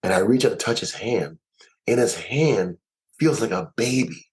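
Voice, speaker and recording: A man, a musician and producer, telling stories in an interview with an emphatic, animated way of talking and lots of repeated words. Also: fairly low pitch, normal speed, low-quality recording. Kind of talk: storytelling interview.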